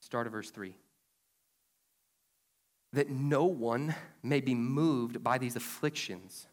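A man's voice: medium pitch, slow. A man preaching a sermon as pastor, chatty and conversational, with sudden emphatic bursts. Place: church sanctuary. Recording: long hall reverb.

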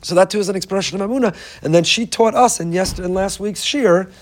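A man with a fairly high voice delivering an inspirational Torah talk. He speaks earnestly and with emphasis, circling back to repeat key phrases as he tells a story. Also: fast talker. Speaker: Torah teacher.

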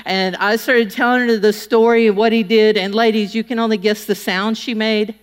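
A woman's voice: fairly high pitch, normal speed, clear, resonant tone. Folksy woman storyteller in a reverberant hall. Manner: chatty, folksy, acts out quotes with lively voices. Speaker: public speaker. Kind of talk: humorous storytelling speech to an audience. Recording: long reverb of a large hall.

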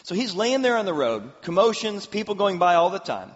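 A male pastor preaching a sermon, telling a story with acted-out quotes and an animated delivery. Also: high-pitched, brisk, hardly any pauses. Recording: echoey hall, slightly dull.

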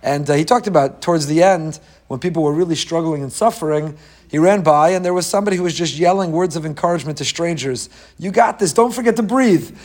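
A man teaching a Torah class in a lively way, often acting out the people he quotes. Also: fast talker. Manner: animated, acts out quoted voices with rising pitch. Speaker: rabbi.

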